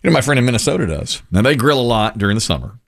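A man's voice: medium pitch, very animated, very fast, creaky, a bit bright. A man hosting a show, chatting casually and laughing often. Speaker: radio show host. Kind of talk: casual chat.

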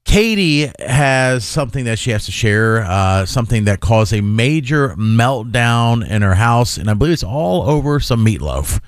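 A man hosting a radio talk show, chatting in an animated, jokey way. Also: mid-range voice, normal speed, hardly any pauses, clear, resonant tone, no echo, clean studio sound. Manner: animated, jokey, trails off and restarts. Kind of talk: casual morning-show banter.

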